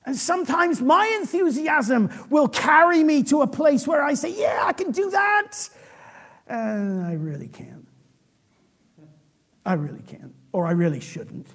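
A man preaching a sermon, animated and often restarting his sentences. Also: very high voice, unhurried.

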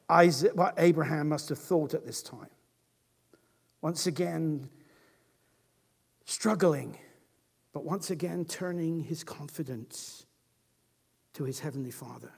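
A man with a notably high voice preaches in a relaxed, conversational way. He retells scripture like a story told to friends. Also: slow, vocal fry, long pauses, husky. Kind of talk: sermon.

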